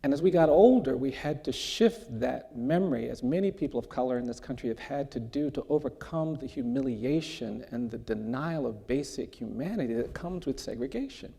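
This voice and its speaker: A man in his sixties, a guest speaker in an onstage conversation, telling a personal story in a measured, earnest way. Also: medium pitch, animated, vocal fry, warm tone. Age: 60s. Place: large hall before an audience. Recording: long hall reverb.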